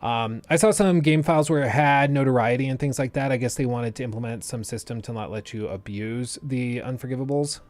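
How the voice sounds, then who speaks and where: A man's voice: mid-range voice, brisk, few pauses, a little mellow. A young man streaming and chatting casually, thinking aloud with plenty of fillers and restarts. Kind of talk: casual livestream chat.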